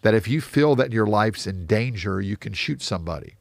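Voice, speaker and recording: A man from the United States, an interview guest who tells lively anecdotes full of quoted dialogue. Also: on the low side, brisk, creaky, dry recording. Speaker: real estate investor guest. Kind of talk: storytelling interview.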